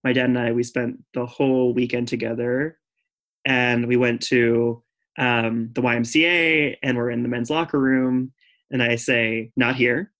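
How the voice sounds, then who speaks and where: A man opening up on a podcast, talking in a chatty, earnest way. His telling is dotted with "like" and "um" as he works through the memory. His pitch sits in an ordinary middle register. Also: steady tone, measured pace, fairly bright tone. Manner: chatty, full of "like" and "um" fillers; earnest and candid. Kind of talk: personal storytelling on a podcast.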